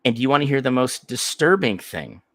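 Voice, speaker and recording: A man's voice: mid-range voice, big pitch swings, a little fast, fairly bright tone, no echo. A man telling a crude, rambling story in casual chat as a podcast co-host.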